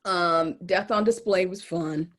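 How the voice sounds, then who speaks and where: A woman's voice: lowish voice, unhurried. A woman co-hosting a podcast, chatting casually and bluntly about a TV show, with plenty of swearing and laughing asides. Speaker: podcast co-host.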